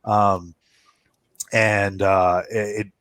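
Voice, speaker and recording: A man narrating a tabletop game as game master, halting with many fillers and restarts while he describes the scene. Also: lowish voice, little pitch movement, fairly bright tone, dry recording.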